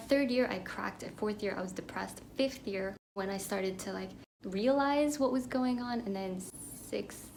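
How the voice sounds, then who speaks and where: A young woman from Pakistan telling a personal story in a candid, animated monologue that drops into whispered asides. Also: mid-range voice, a little hiss or hum. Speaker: podcast host.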